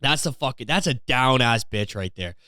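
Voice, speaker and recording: A man's voice: medium pitch, expressive, moderate pace, pushed and bright, clean tone, no echo, studio quality. A young man hosting a comedy podcast, ranting in a profane, sarcastic way and slipping into mocking voices. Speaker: podcast host.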